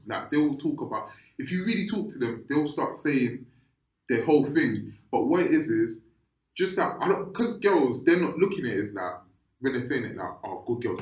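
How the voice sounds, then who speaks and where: A man, co-hosting a podcast in casual chat, rambling with many restarts and checking if you understand. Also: mid-range voice. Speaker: podcast co-host. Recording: echoey room, slightly muffled sound.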